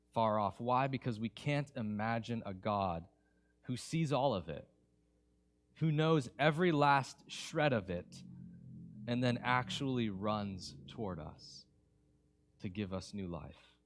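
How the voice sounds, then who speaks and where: A man preaching a sermon as pastor in a church, conversational and animated, swinging between hushed passages and emphatic ones. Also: medium pitch.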